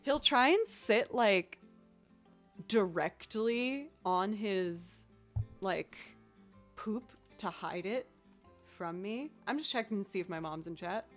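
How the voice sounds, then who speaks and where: Young woman rambling on a stream, chatty, mid pitch, faint music behind her. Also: lively intonation, slow pace. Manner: chatty and rambling, thanking viewers between anecdotes. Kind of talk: casual livestream chat.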